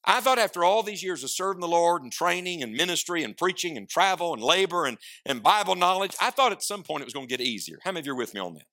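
A man preaching a sermon, swinging from loud declarations to hushed asides and prompting the congregation to answer. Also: high voice, very animated, quick pace, hardly any pauses. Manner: asks the congregation questions and prompts replies.

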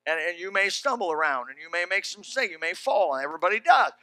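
An older preacher delivers a sermon, spinning homespun stories before rising into shouted exhortation. His voice sits high and cuts with a sharp, bright edge. The sound is dry and close, with no room around it. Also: animated, fast talker, no room sound. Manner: folksy storytelling that builds to shouted preaching.

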